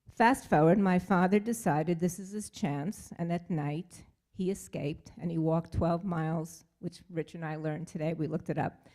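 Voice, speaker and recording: An older woman with a fairly low voice tells a family story from the front of a synagogue sanctuary. She speaks in a heartfelt, halting way, pausing often and using fillers as she goes. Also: mellow. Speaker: congregant sharing a family story. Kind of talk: personal storytelling at a service.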